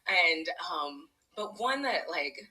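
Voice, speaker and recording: A woman's voice: lowish voice, sing-song, takes it slowly, sharp tone, low-quality recording. A woman in her thirties telling a personal story on stage, chatty and self-deprecating, laughing often and filling with "like". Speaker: storyteller, parent and educator.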